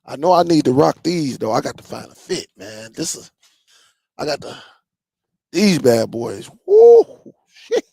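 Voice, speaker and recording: Slow, gravelly man chatting on a live stream. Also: fairly high pitch, wildly swooping pitch, warm tone, dry recording. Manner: loose, laughing, slangy banter with chat. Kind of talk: casual live-stream chat reading comments.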